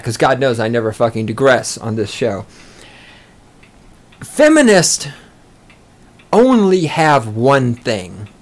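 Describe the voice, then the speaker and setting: A man hosting a podcast from a small studio, ranting loudly and boastfully with heavy swearing. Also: medium pitch. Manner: loud, fired-up, profane and boastful. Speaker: podcast host. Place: small recording studio with a control room.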